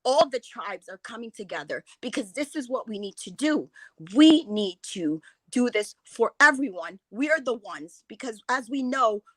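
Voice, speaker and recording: A woman's voice: a little high, expressive, moderate pace, fairly bright tone, no room sound. A woman giving an impassioned, emotional talk as a guest speaker, rambling and restarting her sentences as she goes.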